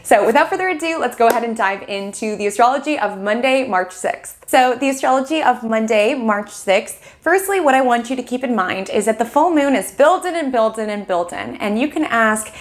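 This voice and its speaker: A woman's voice: on the high side, animated, fairly quick, few pauses. A young woman hosting an astrology forecast, talking casually with lots of "like" and acting out little quoted scenes. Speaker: astrologer host.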